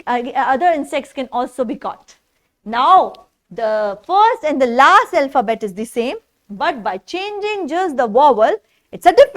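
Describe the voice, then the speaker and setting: A woman teaching phonics to young children, spelling words out letter by letter in a sing-song way and asking the child questions, with an Indian English accent. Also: high-pitched. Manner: asks the listening child questions.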